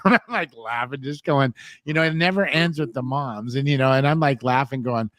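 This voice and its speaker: A man's voice: mid-range voice, a little fast, a bit bright, dry recording, clean studio sound. A middle-aged man hosting a talk show, telling rambling stories in casual chat and filling his talk with "man" and "you know".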